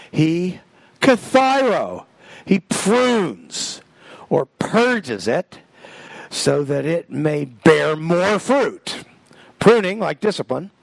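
Gravelly-voiced man teaching Scripture. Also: fairly high pitch, no room sound. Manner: reads verses aloud, explains Greek words, emphatic swings of voice. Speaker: Bible teacher. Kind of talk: Bible study sermon.

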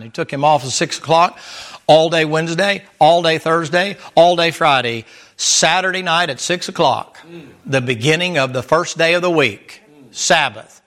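A man's voice: a little high, normal speed, a bit bright. A man preaching a sermon in a folksy, emphatic way, chuckling often and repeating himself. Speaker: pastor.

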